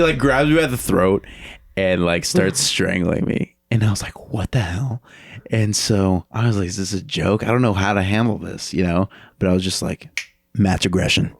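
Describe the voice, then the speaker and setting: A man telling a story in casual podcast chat, animated, laughing often and acting out what people said. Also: on the low side, measured pace, creaky, dry recording, clean studio sound. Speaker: podcast guest.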